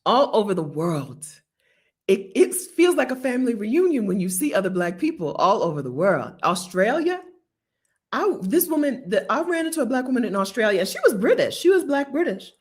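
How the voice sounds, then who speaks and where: A woman's voice: on the high side, normal speed. An American woman telling travel stories in casual chat to viewers, chatty and often laughing. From United States. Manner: chatty, laughing, animated storytelling. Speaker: travel vlogger. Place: Bogota.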